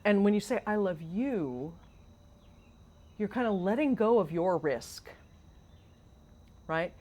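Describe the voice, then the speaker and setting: A woman co-hosting a podcast, animated and questioning, explaining ideas like a teacher. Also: mid-range voice, unhurried. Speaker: podcast co-host. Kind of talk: casual conversation.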